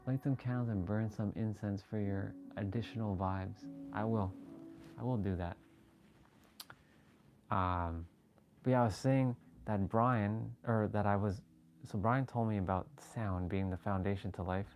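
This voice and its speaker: A man hosting a casual livestream, talking excitably with rambling restarts and sudden jumps in voice as he relives moments, swearing freely. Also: lowish voice, measured pace. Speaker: livestream host. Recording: faint background music.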